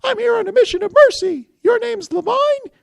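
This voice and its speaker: A man doing a squeaky, panicky little clay man's voice for a comic reading. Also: animated, moderate pace, vocal fry, no echo, clean studio sound, full character voice. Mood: frantic squeak. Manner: shrill, frantic, shrieking.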